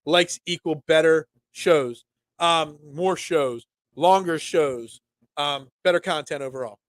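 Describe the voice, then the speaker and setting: A young man hosting a casual solo sports talk show, rambling and animated with lots of restarts. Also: on the high side, slow, dry recording.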